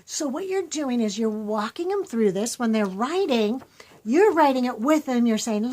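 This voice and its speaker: A woman, a homeschooling mother, giving chatty, animated teaching tips in a casual vlog. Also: on the high side, normal speed. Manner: chatty, animated, acts out voices.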